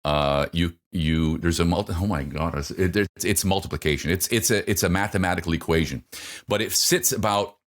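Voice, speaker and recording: A middle-aged man with a very deep voice, speaking as a voice coach in an interview. He talks haltingly and keeps circling back with fillers and repeated words as he explains. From North America. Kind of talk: interview answers.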